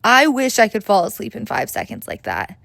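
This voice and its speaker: Young woman, podcast host, comedic monologue, chatty and profane, vocal fry, animated pitch. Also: brisk, no room sound, studio quality. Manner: chatty, rambling, profane, self-mocking.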